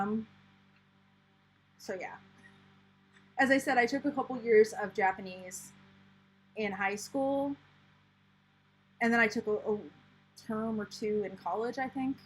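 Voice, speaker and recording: An American woman who hosts a planner channel runs a casual live chat, reading out viewer comments and rambling chattily with many fillers and restarts. Her voice is mid-range and husky, and the audio is poor.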